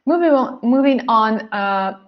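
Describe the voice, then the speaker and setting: A woman teaching English pronunciation in an online lesson. She speaks slowly and exaggerates each sound so learners can repeat after her. The audio is a bit dull and lo-fi, like a computer mic on a webinar. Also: a little high, lively intonation. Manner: slow, carefully exaggerated pronunciation drills.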